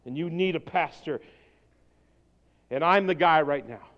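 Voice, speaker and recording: A man preaching a sermon as pastor, swinging from quiet, intense passages to shouted exhortation. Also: a little high, a little slow, highs cut off. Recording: long hall reverb.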